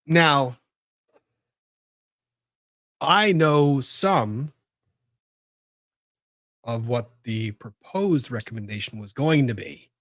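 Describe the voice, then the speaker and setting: A man's voice: mid-range voice, expressive, extremely slow, pauses often, a bit bright, no echo, studio quality. Cursing man reacting on a livestream. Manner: exclaims, swears, thinks aloud. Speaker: legal commentator host. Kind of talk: live reaction commentary.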